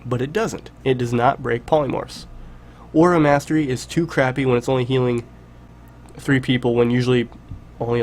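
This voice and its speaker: A man narrates a game tutorial in a relaxed, chatty voice-over. His voice is stuffy and nasal, as if he is holding his nose, because he has a cold. He sits at a mid pitch and stresses his points by repeating them. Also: slight background noise. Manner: relaxed, chatty, emphatic repetitions. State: congested, stuffy nasal voice from illness. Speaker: game guide creator.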